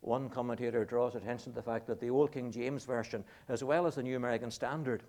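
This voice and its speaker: A middle-aged man preaching a sermon, slow and deliberate, drawing out key words for emphasis. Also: medium pitch, steady tone, a little mellow.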